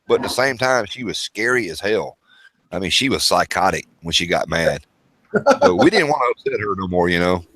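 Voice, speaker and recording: A man's voice: deep voice, moderate pace, dry recording. A man telling family stories in a casual chat, laughing often and acting out old quotes. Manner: animated, laughing often, acts out childhood quotes. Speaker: storyteller. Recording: faint background noise.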